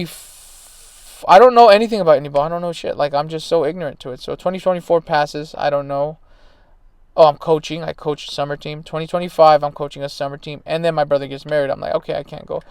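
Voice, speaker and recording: A man in his thirties tells a rambling, emphatic story in casual talk. His voice is a little high and gravelly, yet smooth and clear. The sound is dry and close. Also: quick pace, darkish tone, no room sound. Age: 30s. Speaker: baseball player and coach.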